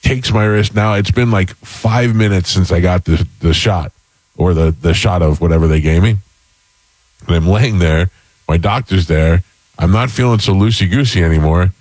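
Male host, low voice, dry close sound, rambling anecdote style. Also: moderate pace, darkish tone, dry recording, rough recording. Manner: rambling storyteller, many fillers and restarts. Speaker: podcast host. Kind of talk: casual chat.

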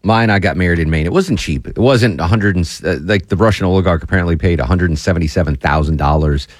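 A man's voice: low-pitched, quick pace, no echo, clean studio sound. A man in his forties hosting a talk radio show, chatting casually and telling rambling stories with restarts. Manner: animated storyteller, rambling with restarts.

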